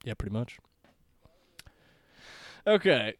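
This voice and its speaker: A man's voice: mid-range voice, big pitch swings, slow pace, dry recording, studio quality. A man co-hosting a podcast, recapping a plot in casual chat and laughing often. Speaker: podcast co-host.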